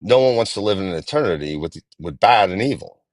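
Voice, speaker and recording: A man in his forties calling in to a live-stream debate, talking in halting restarts and repeating himself. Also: low voice, animated, dry recording. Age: 40s. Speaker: guest caller.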